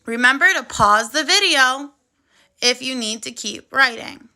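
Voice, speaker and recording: A woman teaching first graders on video, with a high, very bright voice. She speaks slowly and clearly and keeps encouraging the children as she goes. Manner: slow, clear, encouraging classroom delivery. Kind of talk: video phonics lesson for children.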